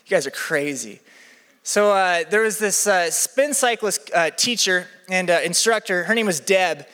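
Animated young pastor preaching in a hall. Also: male voice, a little slow, smooth. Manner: animated, acts out quoted people with big pitch swings. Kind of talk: sermon with storytelling. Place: church hall with a live audience. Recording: long hall reverb.

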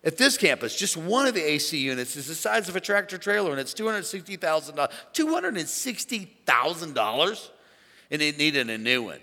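A man preaching an animated sermon to a church congregation, calling on them to shout along. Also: on the high side, brisk. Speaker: pastor. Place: large church auditorium. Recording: long hall reverb.

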